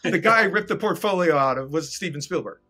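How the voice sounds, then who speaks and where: A man's voice: on the high side, lively intonation, brisk, bright, forceful tone, faint music behind. A middle-aged man, a guest animator and director, telling an anecdote casually and animatedly, acting out scenes and swearing freely.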